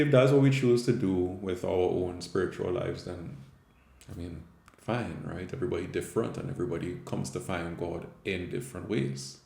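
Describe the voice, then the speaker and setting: A man's voice: on the low side, gravelly, warm tone, reverberant. A man with a Caribbean English accent, a Catholic theologian and teacher, giving a conversational scripture reflection with frequent tag questions.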